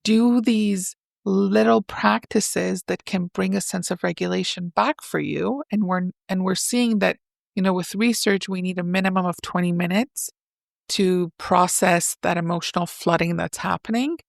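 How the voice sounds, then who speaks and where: Woman, therapist guest, gravelly edge, dry close sound, animated explaining. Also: lowish voice, moderate pace, dry recording. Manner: animated, acts out example dialogues. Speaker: psychotherapist and relationship coach, guest. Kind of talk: explanatory interview talk.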